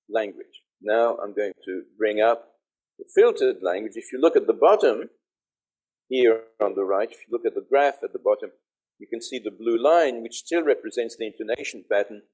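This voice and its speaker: An older professor with a mid-range, darkish voice gives an online conference lecture. He explains things step by step and checks that listeners can hear him.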